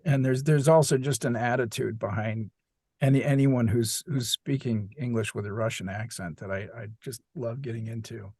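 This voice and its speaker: A man's voice: medium pitch, a little mellow, slightly rough, dry recording. Thoughtful man, dry close sound. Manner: thoughtful, searching for words with frequent restarts. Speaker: audiobook narrator. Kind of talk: casual podcast chat.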